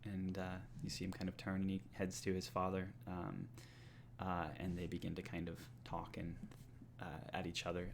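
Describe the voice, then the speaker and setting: A man narrating as game master for a tabletop role-playing game, in a relaxed way with many fillers. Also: low voice, gravelly, a little hiss or hum.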